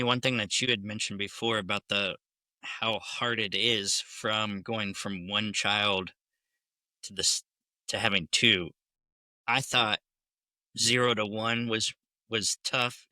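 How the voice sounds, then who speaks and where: Man with a sharp, very bright voice. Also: lowish voice, steady tone, slow, long pauses, no echo. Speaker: podcast guest. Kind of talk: casual chat.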